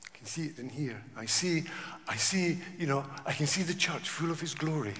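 Man preaching, fairly high voice, slow and emphatic, hushed then loud, reverberant church hall. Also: expressive. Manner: emphatic, rhetorical questions, swings from hushed to loud. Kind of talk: sermon.

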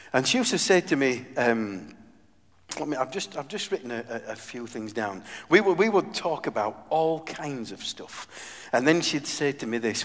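Guy preaching, gets loud then goes real quiet and earnest, long hall echo. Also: mid-range voice. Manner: swings from loud emphasis to hushed, earnest asides. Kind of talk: sermon.

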